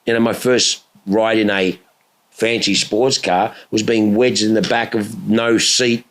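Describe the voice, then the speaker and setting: A lower-pitched middle-aged man, co-hosting a casual podcast. He tells stories in an animated way, swears freely and mimics engine noises as he goes. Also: unhurried. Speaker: podcast co-host.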